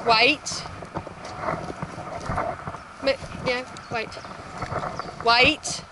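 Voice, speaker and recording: A woman's voice: high-pitched, sing-song, moderate pace, pauses often. A woman dog trainer chatting on a live-streamed walk in a park, praising her dogs in a sing-song voice. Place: outdoors in a park. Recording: outdoor phone stream with loud noise. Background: loud outdoor noise.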